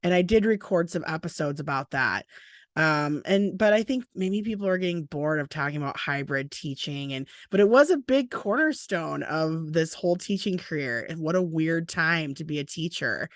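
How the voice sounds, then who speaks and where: A woman co-hosting a podcast, a former teacher turned librarian, chatting casually with a deadpan, sarcastic streak. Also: deep voice, moderate pace, dry recording, studio quality.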